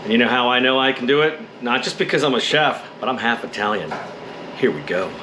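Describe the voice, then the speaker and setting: A man's voice: mid-range voice, a little fast, background noise. A middle-aged man with a Southern accent, talking through a home cooking vlog in a folksy, enthusiastic way. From Texas. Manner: folksy and enthusiastic, many fillers. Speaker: home cook and homestead vlogger.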